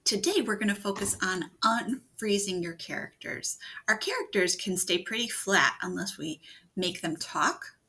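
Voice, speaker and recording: A woman teaching children to write fairy tales in a video lesson. She talks gently and encouragingly, and thinks out loud. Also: medium pitch, a little hiss or hum. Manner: thinks aloud, gentle and encouraging, with frequent restarts. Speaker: writing teacher.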